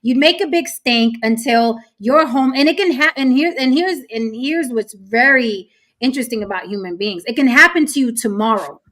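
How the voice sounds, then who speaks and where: A woman with a somewhat high voice hosts a casual panel talk. She leans on her points and repeats them for emphasis. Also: animated, moderate pace, fairly bright tone.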